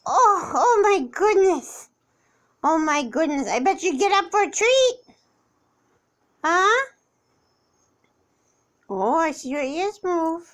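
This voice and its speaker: A woman with a high, very lively voice talks to her pets at home in sing-song baby talk. She speaks slowly, her pitch swooping up and down as she coaxes the animals. The tone is light and playful throughout. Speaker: pet owner. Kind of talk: home pet video.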